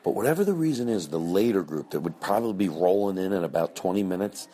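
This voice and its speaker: A man's voice: sits low, expressive, quick pace, dark tone. A man hosting a podcast in casual, rambling chat, often breaking off mid-thought and swearing offhandedly. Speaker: podcast host.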